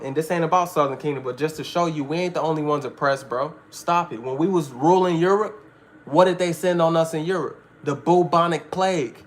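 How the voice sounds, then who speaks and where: A man's voice: a little high, a bit bright, a little hiss or hum. Emphatic slangy man preaching Bible study. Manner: emphatic, keeps asking listeners if they follow; street slang, repeats "all right".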